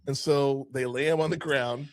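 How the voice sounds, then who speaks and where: A man co-hosting a casual film review podcast, retelling scenes in an animated way with lots of swearing. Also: mid-range voice, moderate pace, dry recording. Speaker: podcast co-host.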